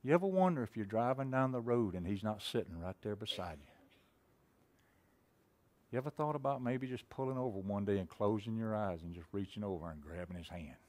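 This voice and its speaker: This preacher's sermon takes the form of a folksy story peppered with questions to the congregation, alternating loud and hushed moments. He speaks fairly quickly in an animated, lowish voice.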